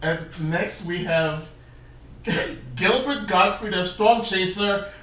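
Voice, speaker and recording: A man's voice: high-pitched, slow, sharp tone, recorded from a distance. A young man co-hosting a casual chat show, reading out a cast list with dry jokes. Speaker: co-host. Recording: echoey room, voice off-mic.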